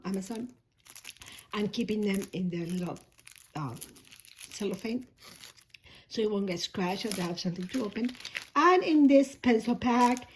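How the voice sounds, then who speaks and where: Hoarse, chatty woman vlogger. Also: mid-range voice, a little mellow, slight background noise. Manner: rambling, self-correcting, chatty. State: hoarse, coughing. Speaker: shoebox-packing vlogger. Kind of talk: casual unboxing chat.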